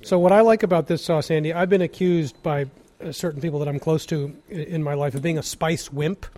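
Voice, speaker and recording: A man's voice: fairly high pitch, steady tone, brisk, dark tone. A man hosting a radio talk show, playful and appreciative as he interviews his guests. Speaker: radio host.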